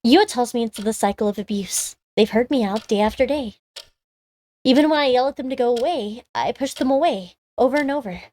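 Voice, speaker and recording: A woman's voice: on the high side, brisk, mellow. A woman streamer reading a story game aloud and chatting about it, with many casual fillers. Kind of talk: reading a visual novel aloud and commenting.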